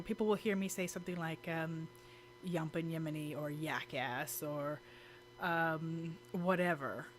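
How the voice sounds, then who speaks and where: A woman's voice: mid-range voice, a bit bright, slight background noise. A woman with kids, vlogging casually to camera, chatty and giggly with lots of fillers and restarts. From United States. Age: adult with children. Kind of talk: casual talking-to-camera vlog. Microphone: camera mic.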